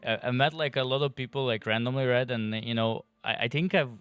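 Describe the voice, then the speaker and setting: Stream guest, man, smooth resonant voice, dry close sound, halting chat. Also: mid-range voice, no room sound. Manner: relaxed, hesitant, many fillers. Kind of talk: casual live-stream chat.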